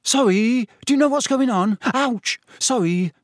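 A man's voice: extremely high pitch, a little slow, dry recording, clean studio sound, pitched above the performer's own voice. A man voicing an anxious, flustered teenage boy who sounds breathless and apologetic.

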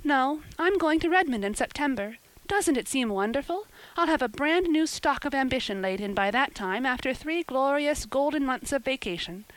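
Dramatic teenage girl voiced by a woman, gushing, high, smooth, dry sound. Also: lively intonation, normal speed, hardly any pauses, no room sound, poor audio. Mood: excited. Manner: gushing, breathless, pleading.

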